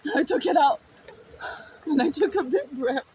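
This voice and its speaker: A woman's voice: sits high, animated, normal speed, darkish tone, a little hiss or hum, rough recording. A woman telling a personal story in a raw, emotional, profane way.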